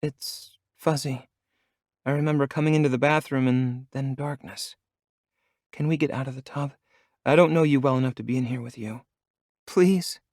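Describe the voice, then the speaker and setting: A man's voice: a little high, normal speed, vocal fry, long pauses, slightly rough, no room sound, clean studio sound, pitched above the performer's own voice. Man voicing a trembling frightened young woman. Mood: shaken. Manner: trembling, pleading.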